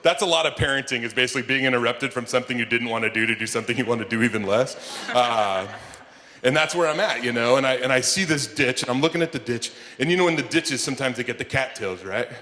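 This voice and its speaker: A man telling stand-up stories at a conference breakfast keynote, animated and jumping into shouted high bits when acting out scenes. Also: fast talker. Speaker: stand-up comedian and keynote speaker. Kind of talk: stand-up comedy storytelling. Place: conference hall before a live audience. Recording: long hall reverb, faint room noise.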